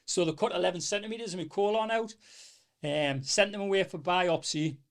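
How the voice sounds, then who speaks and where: A middle-aged man with a North East English accent, telling his story in a rambling, animated way as a podcast guest. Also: high-pitched, fairly quick. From North East England. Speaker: small business owner, podcast guest. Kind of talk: casual storytelling interview.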